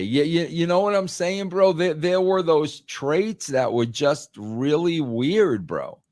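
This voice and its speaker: A man's voice: a little high, animated, slow pace, hardly any pauses, darkish tone, no echo, studio quality. A man talking in a casual podcast chat, emphatic, repeating words and saying "bro" a lot. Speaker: podcast guest, former wrestling writer.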